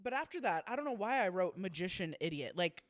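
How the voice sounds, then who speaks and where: A young woman co-hosts a podcast in loose, casual chat. She tells stories bluntly and swears freely, and her pitch swings a lot. The sound is dry and close to the mic. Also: sing-song, fairly quick, no echo. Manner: blunt, profane, laughing storyteller. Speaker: podcast co-host.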